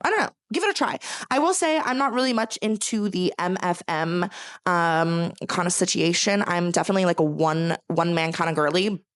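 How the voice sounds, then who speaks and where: With a fairly low pitch and moderate pace, this young Californian woman reviews books she's read in a casual chat. The recording is dry and studio quality, and she rambles with plenty of filler words, dramatically gushing and ranting.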